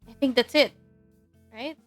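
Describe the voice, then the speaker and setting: A young woman streaming, reading a dating game aloud in a giggly, animated way. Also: high-pitched, a little slow, no echo, soft background music.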